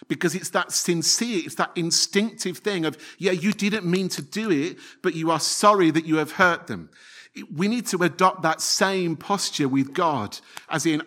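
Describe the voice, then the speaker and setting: A man's voice: a little high, moderate pace, bright, forceful tone. A man preaching a sermon, earnest, often repeating his phrases and asking the congregation rhetorical questions.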